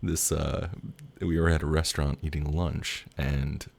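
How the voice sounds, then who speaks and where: A man's voice: rumbling low, little pitch movement, unhurried, creaky. A young man casually telling a personal story as a tarot reader, rambling and candid, laughing often and swearing.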